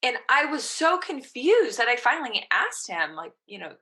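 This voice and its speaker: A woman's voice: on the high side, very animated, normal speed, hardly any pauses, pushed and bright. A woman in her thirties, a mental performance coach, casually telling her story as a podcast guest and quoting her own past thoughts.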